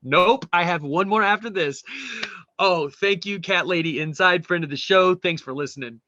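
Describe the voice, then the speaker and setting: A man co-hosting a podcast, casually retelling a show and reading memes aloud, animated and swearing freely. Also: sits high, normal speed, dry recording, lo-fi sound. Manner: animated, swearing, mimics quoted people. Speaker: podcast co-host.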